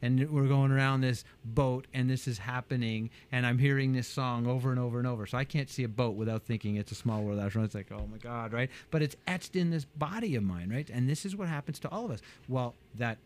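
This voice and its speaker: A man, a business coach, talking animatedly in an interview and acting out quotes with big jumps in pitch. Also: a little fast, few pauses, a little mellow.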